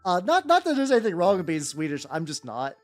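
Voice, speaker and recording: Animated, rambling woman streamer. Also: lowish voice, fast talker. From United States. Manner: rambling, playful, swears, chats with viewers. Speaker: VTuber streamer painting miniatures. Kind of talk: casual livestream chat. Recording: faint background music.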